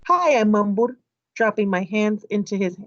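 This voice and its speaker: A woman teacher reading a children's novel aloud to her class, lively and voicing each character's dialogue. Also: medium pitch, moderate pace, no echo, lo-fi sound. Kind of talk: children's book read-aloud.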